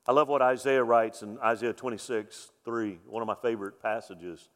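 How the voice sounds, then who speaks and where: A man's voice: medium pitch, expressive, unhurried. A man preaching a sermon as pastor, emphatic, repeating key lines and asking rhetorical questions. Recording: long reverb of a large hall.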